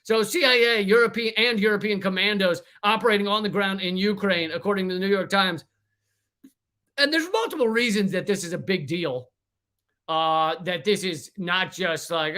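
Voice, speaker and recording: A man's voice: high-pitched, moderate pace, pushed and bright. A man hosting a livestream, ranting in a casual, profane, rambling way with many restarts. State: sweating from heat. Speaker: comedian livestream host.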